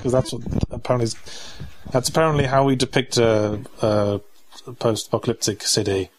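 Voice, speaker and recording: A man's voice: mid-range voice, a little fast, low-quality recording. An English man with a received-pronunciation accent, co-hosting game commentary with wry, dry banter. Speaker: co-host. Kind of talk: casual game commentary chat.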